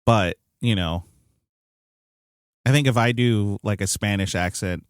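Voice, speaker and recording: A man's voice: fairly low pitch, a little slow, clear, resonant tone, no room sound, studio quality. A man co-hosting a podcast in casual chat, rambling and hedging a lot, with some swearing. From United States. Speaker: podcast co-host.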